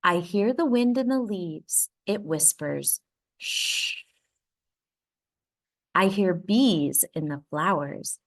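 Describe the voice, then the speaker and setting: A woman reading a children's picture book aloud, expressive and playful with the sound words. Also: on the low side, takes it slowly, few pauses. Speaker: read-aloud storyteller.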